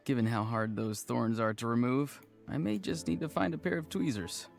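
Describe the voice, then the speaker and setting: A man's voice: mid-range voice, normal speed, gravelly, natural voice. Man doing a solemn daydreaming young guy, poetic, formal, faint game music. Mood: earnest. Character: dreamy, solemn young man who speaks in flowery riddles. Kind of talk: video game dialogue.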